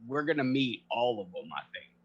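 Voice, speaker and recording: A man's voice: mid-range voice, sing-song, fairly quick, a crowd in the background. A man playing a tabletop game in casual in-character talk, rambling with many fillers. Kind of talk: casual in-character role-play. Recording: dull lo-fi sound.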